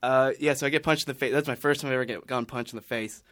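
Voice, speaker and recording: Male podcast panelist, mid-pitch, casual rambling storyteller, dry sound. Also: fairly even intonation, very fast, a bit bright, no room sound. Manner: rambling, many restarts and fillers.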